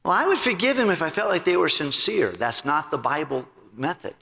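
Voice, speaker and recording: A male pastor preaching a sermon in an animated, emphatic way. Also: fairly quick, creaky. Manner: animated, emphatic, swooping pitch. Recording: long hall reverb.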